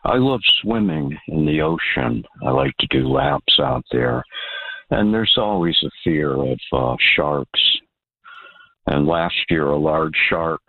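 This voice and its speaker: A man's voice: rumbling low, expressive, slow, slightly rough, no echo. A man calling in to a radio show, talking plainly with some hesitant fillers. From Florida. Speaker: caller. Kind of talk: call-in radio chat. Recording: tinny phone line.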